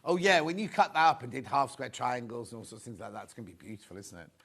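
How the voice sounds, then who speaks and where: A man's voice: medium pitch, sing-song, quick pace, vocal fry, fairly bright tone, breathy edge. A man presenting fabrics on a live TV shopping show, chatty and rambling, full of anecdotes.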